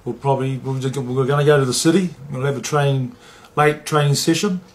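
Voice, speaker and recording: A middle-aged man recalls his playing days in an interview. He talks plainly, swears freely and acts out what others said, at an everyday pitch. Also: fairly even intonation, brisk. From New Zealand. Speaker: former rugby league player. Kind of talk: interview storytelling.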